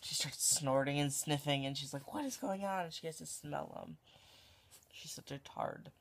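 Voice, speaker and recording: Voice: medium pitch, level tone, normal speed, vocal fry, fairly bright tone. A vlogger chatting casually at home into a handheld phone, rambling, giggling and often dropping to a whisper.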